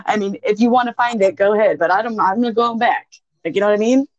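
A woman's voice: mid-range voice, fast, no echo. A woman in her thirties, a podcast co-host, telling a story in casual chat, full of swearing and laughter. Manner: profane, laughing, animated storyteller. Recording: dull, dry lo-fi sound.

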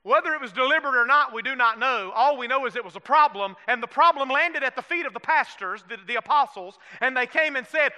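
In a church sanctuary with long hall reverb, a Southern-accented pastor delivers a folksy sermon, asking the room questions and calling out for amens. He speaks very high-pitched and quick, barely pausing, his tone bright and forceful.

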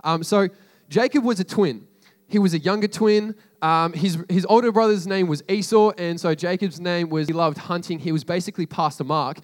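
A man's voice: high-pitched, moderate pace. A man casually retelling a story to a group as a sermon, chatty and slangy, with frequent asides to his listeners.

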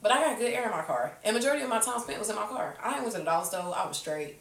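Animated woman telling a story, roomy sound. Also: a little high, racing, recorded from a distance. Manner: animated storytelling, swears freely, acts out voices in quotes. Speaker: podcast host. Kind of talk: casual chat with friends. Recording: roomy, a bit off-mic.

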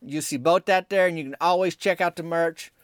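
A man hosting a podcast. He tells rambling comic stories in a folksy, deadpan, meandering way. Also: on the high side, a little fast, clean tone, no echo, clean studio sound. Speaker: podcast host.

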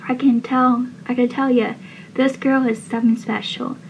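A woman's voice: fairly high pitch, level tone, moderate pace, darkish tone, close to an everyday voice. A woman voicing a hurt teenage boy pleading. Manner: pleading, emotional. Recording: dull lo-fi with faint hiss.

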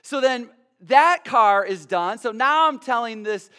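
Pastor, male, high and bright voice, animated sermon storyteller who stumbles over his words. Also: a little slow, smooth. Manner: animated, stammering repeats of words, building excitement.

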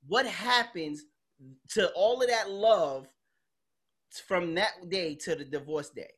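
A woman's voice: on the low side, takes it slowly, slightly rough. A woman hosting a podcast, chatting casually in a blunt, emphatic way and swearing freely. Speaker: podcast host. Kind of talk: casual chat.

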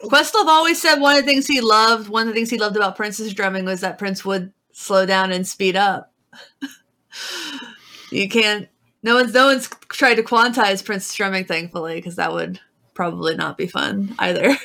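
A woman's voice: mid-range voice, normal speed, pushed and bright. A woman co-hosting a casual music podcast, talking wryly and reading a sponsor spot. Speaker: podcast co-host. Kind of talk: casual chat.

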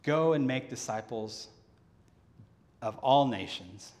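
A male pastor preaches at a middle pitch, his voice trailing off into the long reverb of a large church hall. He tells the scripture story like a storyteller and acts out the characters' lines. Every line rings on a microphone during a Sunday service. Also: takes it slowly. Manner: animated storyteller who acts out the scripture dialogue. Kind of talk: sermon. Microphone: handheld or headset microphone.

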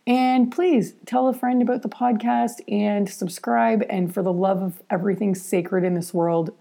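A woman's voice: mid-range voice, fairly even intonation, moderate pace, creaky, warm tone. A woman hosting a podcast in casual chat, blunt and candid, cursing freely and talking loosely with plenty of fillers. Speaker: podcast host.

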